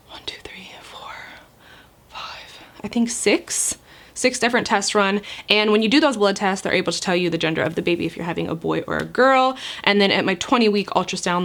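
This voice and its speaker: A chatty woman vlogger in her thirties tells a personal story straight to camera from home. She leans on "like" constantly and acts out what other people said. Her voice sits at an ordinary, middle pitch. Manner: chatty, animated, acts out quotes with lots of "like".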